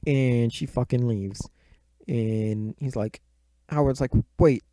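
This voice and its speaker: A man's voice: mid-range voice, fairly even intonation, slow, mellow, dry recording. A man casually recapping a movie plot in a rambling, profane, offhand way. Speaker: movie reviewer.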